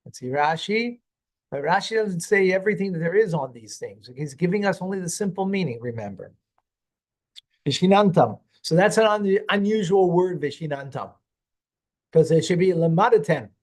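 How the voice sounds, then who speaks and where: A man with a fairly high voice, a rabbi leading a text study class. He reads verses aloud, gives their meaning, and presses his student with questions before he explains. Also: expressive, normal speed. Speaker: rabbi teaching a Torah class.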